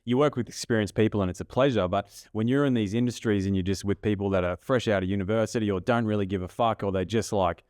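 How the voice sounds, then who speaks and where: A man's voice: on the low side, fast, few pauses, darkish tone, no room sound, studio quality. A man with an Australian accent hosting a podcast, talking bluntly and casually, swearing easily while encouraging his guest. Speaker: podcast host.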